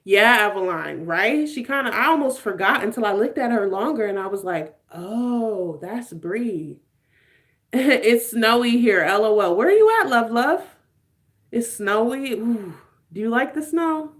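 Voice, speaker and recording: A young woman with a slightly high voice hosts a relaxed live stream and chats with her viewers. She talks in a loose, playful way, laughs often, and tosses in slangy asides. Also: normal speed. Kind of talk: casual live-stream chat answering viewer comments.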